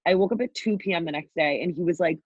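Frank woman podcast guest in her twenties, swears freely, lowish voice on a dull dry recording. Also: fast talker, breathy edge, no room sound. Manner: candid, swears freely, acts out quotes. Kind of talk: casual storytelling.

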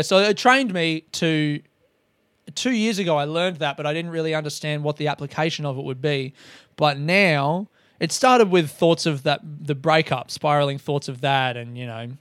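A man's voice: fairly high pitch, normal speed, fairly bright tone, clean tone, no room sound. A man talking in a casual, rambling monologue on a podcast, swearing often and mocking himself. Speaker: comedian podcast host.

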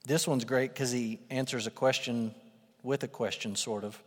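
A man preaching a sermon in a conversational, emphatic way, swelling into loud bursts for emphasis. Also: mid-range voice, steady tone, moderate pace. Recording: reverberant hall.

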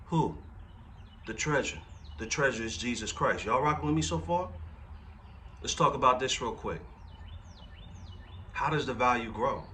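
A man's voice: mid-range voice, lively intonation, a little slow, pauses often, bright, forceful tone, recorded from a distance, a little hiss or hum. A man in his forties preaching a conversational sermon as pastor, often checking in with the congregation through rhetorical questions. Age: 40s.

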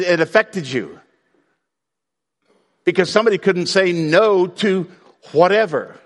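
A man preaching a sermon to his congregation in a conversational way, breaking now and then into loud outbursts. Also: sits high, in a large hall. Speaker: pastor.

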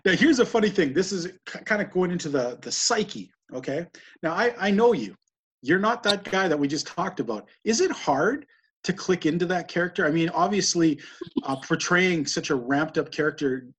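A man's voice: a little high, slight background noise. A man hosting an interview, asking rambling, admiring questions with frequent restarts. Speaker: interview host. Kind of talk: casual interview talk.

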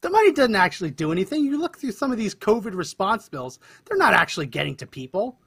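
A male talk-show host with a husky, slightly high voice. He talks in a brisk, emphatic way and sets up each clip. The sound is close and dry. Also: sing-song, a bit bright, dry recording. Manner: brisk, emphatic, explains and introduces clips.

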